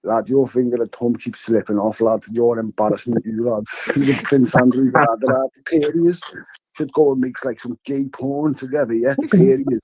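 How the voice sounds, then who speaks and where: A man calling in to a live stream, trading loud, laughing, crude insults. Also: medium pitch, steady tone, normal speed, slightly rough, poor audio. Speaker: caller.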